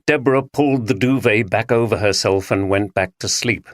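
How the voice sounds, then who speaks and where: A man's voice: lowish voice, normal speed, few pauses, no echo, clean studio sound. Man narrating a mystery audiobook.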